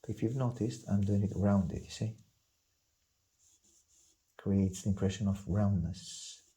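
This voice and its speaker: A man teaching drawing, talking calmly and unhurriedly, often repeating single words under his breath as he works. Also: lowish voice, low-quality recording. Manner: calm, unhurried, muttering repeated words while sketching. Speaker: art instructor. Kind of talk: slow drawing tutorial narration.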